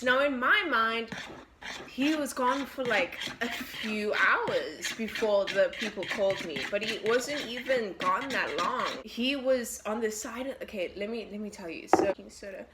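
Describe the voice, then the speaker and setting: Chatty young woman baking, noisy recording. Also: medium pitch. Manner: chatty, swears, jumps between recipe and story. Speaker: vlogger baking and telling a story. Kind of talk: casual story-time chat.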